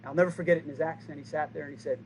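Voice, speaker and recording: A man in his forties giving a formal, rousing ceremony speech, stressing key lines with pauses for effect. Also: fairly high pitch, steady tone, darkish tone, a little hiss or hum, rough recording. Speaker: speaker at a base ceremony.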